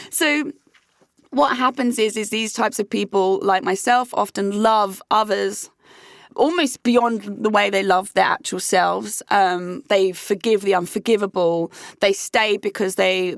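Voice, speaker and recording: A woman's voice: mid-range voice, vocal fry, dry recording, studio quality. A young British woman giving candid, sweary personal advice in a conversational vlog. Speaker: vlogger.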